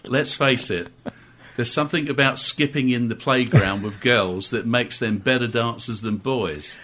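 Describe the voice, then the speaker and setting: A man's voice: medium pitch, a little slow, fairly bright tone. A man on a radio show talking about his amateur theatre group, chatty, with frequent restarts. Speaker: guest, amateur operatic society member. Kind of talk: casual radio interview. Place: radio studio.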